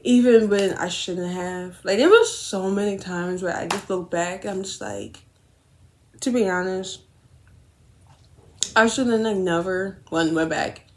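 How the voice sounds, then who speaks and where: A young woman telling a rambling, animated story while doing her makeup, swearing often and correcting herself as she goes. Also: mid-range voice, measured pace, a little hiss or hum.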